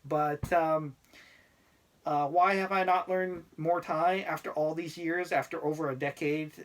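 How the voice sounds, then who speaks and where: A man's voice: on the high side, fairly even intonation, unhurried, fairly bright tone. A middle-aged man talking casually to camera about life abroad, rambling and laid-back with many fillers. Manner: laid-back, self-deprecating. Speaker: expat vlogger.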